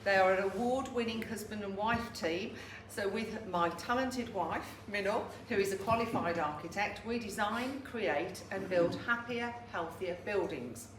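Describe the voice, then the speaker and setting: A woman giving a male architect's business pitch in her own voice, steady and earnest, recorded far off in a roomy room. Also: unhurried, hardly any pauses, lightly acted. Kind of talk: mimicking a colleague's pitch. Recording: far, roomy, background noise.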